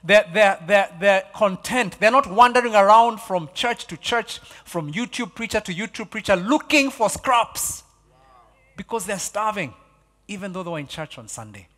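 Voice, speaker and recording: A man preaching a sermon as pastor, animated, repeating key phrases and swinging from loud exclamations to hushed lines. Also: high voice, normal speed, long reverb tail. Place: church hall.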